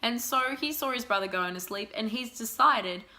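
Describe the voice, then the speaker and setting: A young woman, telling stories in a chatty, animated, self-mocking way in a casual vlog. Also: on the high side, normal speed. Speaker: vlogger.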